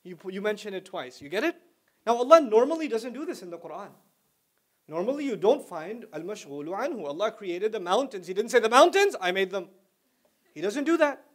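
A man giving a religious talk to a young audience, telling stories with big swings from quiet to loud and asking listeners questions. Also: high voice, fairly quick. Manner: animated storyteller with wide swings in loudness; conversational, asks listeners questions. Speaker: Islamic lecturer.

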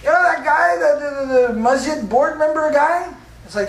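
A man's voice: very high voice, normal speed, vocal fry, slight background noise. Man preaching in an echoey hall. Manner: rhetorical questions, emphatic repetition. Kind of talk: sermon. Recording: echoey room from a distance.

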